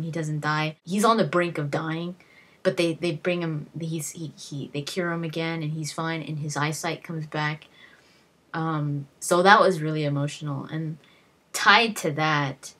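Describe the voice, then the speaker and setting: A woman with a somewhat low-pitched voice talks casually to her viewers about games. She tells emotional stories, stumbling over her words and restarting often. She breaks into acted-out cries of disbelief as she relives each scene. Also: sharp tone. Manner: emotional storytelling with many restarts and acted-out exclamations. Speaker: gaming video host. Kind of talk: casual talk to camera.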